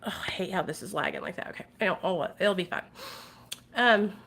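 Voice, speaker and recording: Animated, bright-voiced woman streamer. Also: lowish voice, brisk, vocal fry, slight background noise. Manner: animated, swearing, talks to viewers. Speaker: vlogger. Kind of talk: casual livestream commentary.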